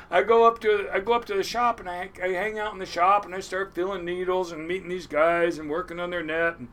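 A man's voice: high-pitched, a little fast, a bit bright. A man, telling a rambling, profane fishing story in casual conversation and acting out the voices of the people in it. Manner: rambling, profane, laughs often, acts out voices. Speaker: storyteller guest.

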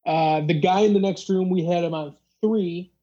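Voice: medium pitch, normal speed, mellow, lo-fi sound. A podcast host telling a long story in casual chat, rambling with lots of fillers and acting out the other people's lines. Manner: rambling, filler-heavy, acts out dialogue.

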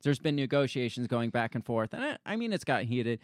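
A man's voice: mid-range voice, big pitch swings, brisk, dry recording, clean studio sound. A man from the United States co-hosting a casual political talk show, reading news articles aloud and mocking the officials he quotes. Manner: conversational, sarcastic, mocks quoted officials in put-on voices. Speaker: podcast co-host.

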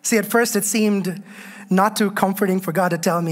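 A woman's voice: medium pitch, moderate pace. A woman preaching a sermon, repeating phrases for emphasis and calling on the congregation to answer her. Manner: exhorting, calls on the congregation to respond.

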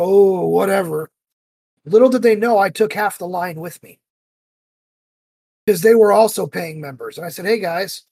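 A man co-hosting a podcast, telling a story with lively, heated acted-out quotes. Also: high voice, dry recording. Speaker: podcast co-host. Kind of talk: casual chat.

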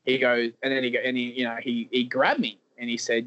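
A male wrestler being interviewed, talking candidly in a halting way with repeated words and many fillers. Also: medium pitch, little pitch movement, fairly bright tone, lo-fi sound. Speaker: professional wrestler guest.

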